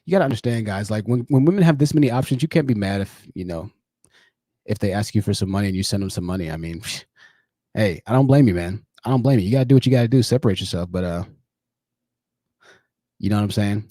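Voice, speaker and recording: A man's voice: on the low side, fast talker, dark tone, no room sound, studio quality. A young man chatting casually on a livestream, talking straight to his viewers and often repeating himself. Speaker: livestream host.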